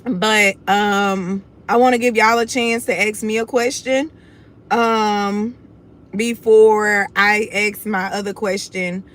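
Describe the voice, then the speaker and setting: A young woman hosts her own livestream, speaking to viewers in a casual, blunt way and calling them y'all. She's from Houston, Texas, with a Southern US Houston accent, and sounds confident. Her voice is medium-pitched, steady, slow, and fairly bright.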